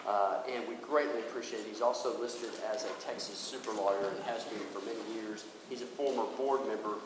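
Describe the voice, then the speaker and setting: A man's voice: on the low side, fairly even intonation, fairly quick. A man serving as seminar emcee, formally reading a speaker introduction with a few fillers. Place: large conference hall. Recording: echoey hall with background noise.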